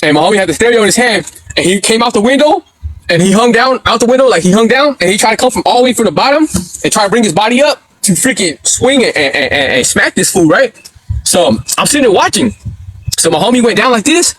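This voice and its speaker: A man telling a rowdy story on his livestream in casual slang, swearing freely and acting out the shouts and voices of the people in it. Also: high-pitched, quick pace, no room sound. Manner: animated, acts out quotes with yelps and laughs. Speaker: livestream host.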